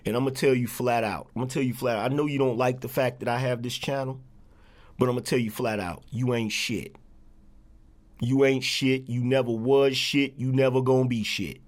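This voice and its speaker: A man's voice: mid-range voice, fairly even intonation, moderate pace. A man hosting a livestream, ranting at viewers in a profane, repetitive, confrontational way. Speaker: livestream host. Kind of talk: angry livestream rant.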